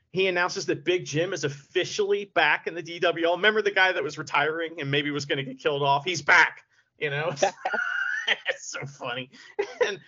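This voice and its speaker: A man hosting a podcast in casual chat, with a lively voice that swings up and down and a bright, forceful edge. He laughs often and swears freely. The audio sounds dull and lo-fi. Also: sits high. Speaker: podcast host.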